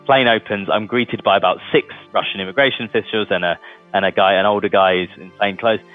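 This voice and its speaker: A man's voice: fairly low pitch, fairly even intonation, fairly quick, faint music behind. A man telling his story casually in an interview, chatty and laughing as he goes. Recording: tinny phone-like sound.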